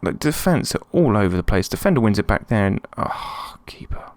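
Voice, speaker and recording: A man talks through his football management game in a relaxed, chatty way, breaking into excited yelps when something happens. His voice sits low with a gravelly edge. The sound is dry and close, with no room around it. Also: fast, no room sound. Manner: excitable, chatty, swings between calm and yelps. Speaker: let's play host. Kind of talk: casual gameplay commentary.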